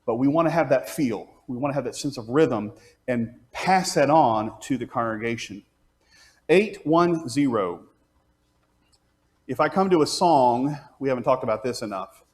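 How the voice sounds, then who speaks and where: A man teaching a class on leading congregational singing, explaining step by step and singing out pitches and counting beats aloud. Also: brisk. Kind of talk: hands-on music class teaching.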